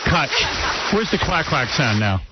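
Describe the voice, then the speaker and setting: A man's voice: on the high side, sing-song, a little slow, heavy background noise. A male radio host playing a bossy mock director, barking cues in a live radio show. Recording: dull radio studio with live crowd.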